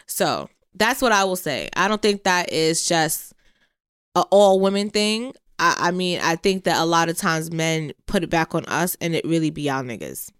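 A woman's voice: fairly low pitch, lively intonation, moderate pace, fairly bright tone, clean tone, dry recording, studio quality. A woman co-hosting a podcast in casual chat, talking bluntly with a lot of swearing and frequent laughter. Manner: blunt, profane, laughs often. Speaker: podcast co-host.

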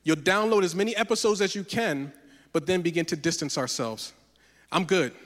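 High-voiced pastor preaching in a reverberant hall. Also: male voice, fairly quick. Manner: animated, acts out dialogue in stories. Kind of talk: sermon with personal storytelling.

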